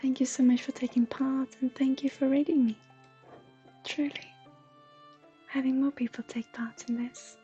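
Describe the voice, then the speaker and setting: A woman from Sweden, a streamer and intuitive counselor chatting softly with viewers, often slipping into a breathy whisper. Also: high voice, flat delivery, moderate pace, pauses often, highs cut off, faint music behind. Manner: soft, often drifting into a breathy whisper, laughs often. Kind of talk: live stream chat with viewers.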